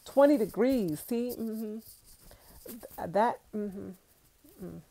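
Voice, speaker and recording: A woman's voice: mid-range voice, slow, gravelly, mellow. A young woman from Brooklyn, chatting casually on a livestream, reading viewer comments and laughing often. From Brooklyn, New York. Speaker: vlogger on a livestream.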